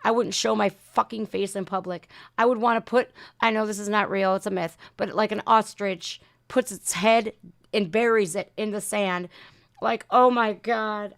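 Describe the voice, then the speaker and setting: A woman's voice: mid-range voice, no echo, studio quality. A woman with a heated, profane, mocking manner, ranting as she reacts to a video. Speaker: reaction streamer.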